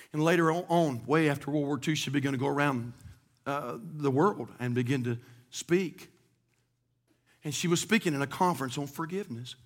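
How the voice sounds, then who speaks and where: A male pastor preaching a sermon, moving from hushed, emotional storytelling to loud, shouted proclamation. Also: on the high side.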